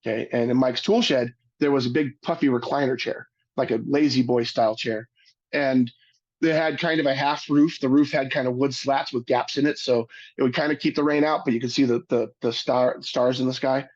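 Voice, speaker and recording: A man giving a webinar talk, telling a personal story in an earnest, halting way, often restarting his sentences. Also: medium pitch, steady tone, highs cut off. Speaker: webinar speaker.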